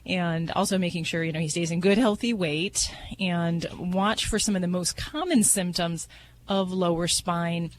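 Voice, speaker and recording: A woman veterinarian giving relaxed, folksy advice on a call-in radio show, slow and full of fillers. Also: fairly low pitch. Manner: folksy, explains slowly with fillers. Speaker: veterinarian guest.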